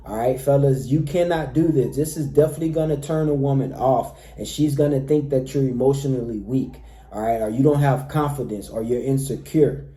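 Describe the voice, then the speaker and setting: Mellow-voiced man coaching the fellas. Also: mid-range voice, brisk, roomy sound. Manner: emphatic, repeatedly says "all right, fellas". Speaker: dating coach. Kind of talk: direct-to-camera advice talk.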